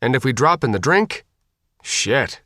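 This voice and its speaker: A woman's voice: rumbling low, very animated, unhurried, a bit bright, no room sound, studio quality, heavily acted. A man reading an audiobook voices a frantic young woman boat captain who swears and panics. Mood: flustered.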